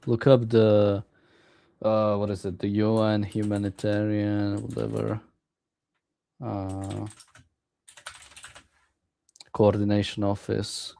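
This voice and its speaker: A man co-hosting a casual political chat, talking excitably and indignantly, full of "like" and restarts. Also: fairly low pitch, slow pace, gravelly, pauses often. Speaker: co-host.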